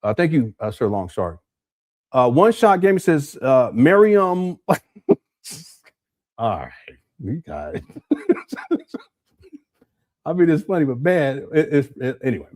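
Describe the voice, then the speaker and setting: A man's voice: mid-range voice, big pitch swings, unhurried, long pauses, a little mellow, no echo, clean studio sound. A man hosting a live stream, casually rambling while reading viewer messages aloud. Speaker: livestream host.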